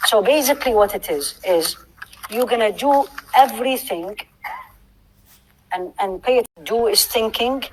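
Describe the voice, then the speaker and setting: Animated woman teaching a religious class. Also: a little high, unhurried, poor audio. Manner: animated, asks the audience questions. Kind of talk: lecture to a live class.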